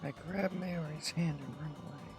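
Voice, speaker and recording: A male streamer reading a visual novel aloud in the first person, with tense, halting delivery. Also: a little high, over music.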